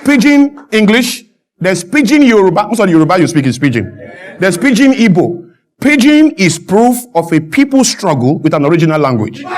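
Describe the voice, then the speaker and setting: A Nigerian man, a guest on a talk show, arguing with fervour, repeating his points and building up to shouted emphasis. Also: sits high. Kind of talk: impassioned studio interview.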